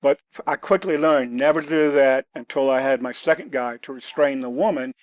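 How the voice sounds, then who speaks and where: Blunt man, mid pitch, dry close mic; plain-spoken podcast guest. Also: brisk, no room sound. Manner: blunt, matter-of-fact, rule-giving. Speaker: guest, self-defense author. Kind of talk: conversational podcast storytelling.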